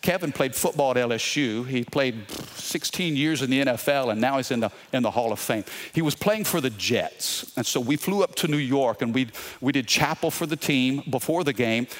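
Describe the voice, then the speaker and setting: A man's voice: medium pitch, expressive, moderate pace, few pauses. A middle-aged man with a Louisiana accent, preaching a sermon, telling a story and calling out to the congregation. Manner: storytelling with repetitions and crowd call-outs. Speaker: pastor.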